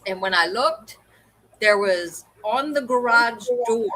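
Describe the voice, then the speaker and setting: A woman's voice: on the high side, animated, takes it slowly, pushed and bright, low-quality recording. A woman co-hosting a livestream, telling a story in casual chat and acting out the people she quotes. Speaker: co-host of a livestream hangout.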